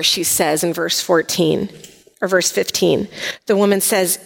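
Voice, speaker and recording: A woman teaching a Bible passage in a chatty, animated way, acting out the quoted lines with sass. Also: mid-range voice, a little slow, vocal fry, big-room sound.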